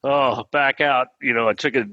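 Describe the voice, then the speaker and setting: A middle-aged man, an interview guest, telling a personal story in an earnest, plainspoken way and pausing when moved. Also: medium pitch, steady tone, no echo, highs cut off.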